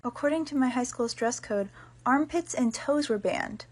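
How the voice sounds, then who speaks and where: A young woman listing school memories in dry, quick one-liners. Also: high voice, breathy edge. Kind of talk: casual storytime.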